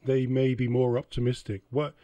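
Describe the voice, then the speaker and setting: Sarcastic guy reacting to political clips, low mellow voice, dead dry mic. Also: level tone, moderate pace, dry recording, lo-fi sound. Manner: exasperated, sarcastic, laughs often. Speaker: reaction channel host.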